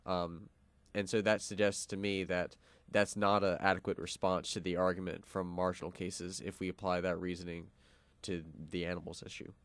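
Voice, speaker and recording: A man's voice: sits low, little pitch movement, moderate pace, a bit bright, no room sound. A young man co-hosting a college radio show, explaining a philosophical argument with lots of fillers and restarts. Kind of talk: casual philosophical discussion.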